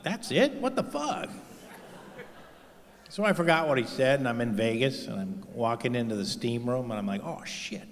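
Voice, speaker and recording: A man doing a profane stand-up routine on stage, telling deadpan stories and acting out the other people in them. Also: medium pitch. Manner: profane, deadpan storytelling with acted-out voices. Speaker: stand-up comedian. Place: theater stage with live audience. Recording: live hall reverb.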